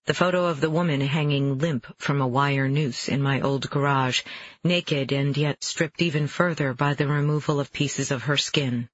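A man narrating a first-person novel in a measured, even storytelling voice, on a dull, dry recording. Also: mid-range voice, no echo. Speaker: audiobook narrator.

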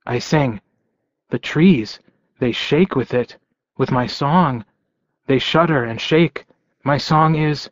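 A man narrating an audiobook in first person, with a slow, rhythmic, repetitive delivery. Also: medium pitch, dry recording, dull audio.

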